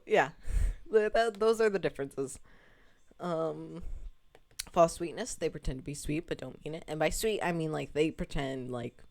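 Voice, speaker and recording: Low-voiced woman rambling on stream about her game, laughs a lot, swears casually. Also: darkish tone. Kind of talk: casual livestream chat.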